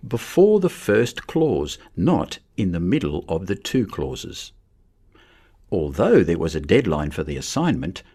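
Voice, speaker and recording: A man with a husky, breathy voice narrates a grammar lesson in a measured, explanatory way. His pitch sits fairly low and swings widely across each phrase. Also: darkish tone. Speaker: teacher. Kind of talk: scripted instructional narration.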